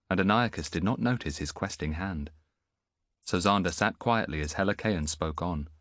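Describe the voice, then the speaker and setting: A man reading an audiobook as the narrator, telling the story in an expressive way. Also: deep voice, no echo, clean studio sound. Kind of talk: scripted narration.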